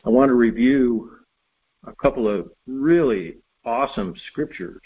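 A man delivers a sermon in a slightly husky voice, telling a homely story before reading scripture aloud. The recording is somewhat dull. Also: medium pitch, expressive, a little slow. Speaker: preacher.

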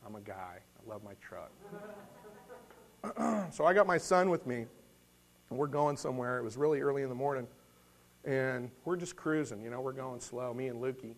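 A middle-aged man preaching a conversational sermon, telling a personal story in a folksy way, often restarting and clearing his throat. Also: medium pitch. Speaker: lay preacher.

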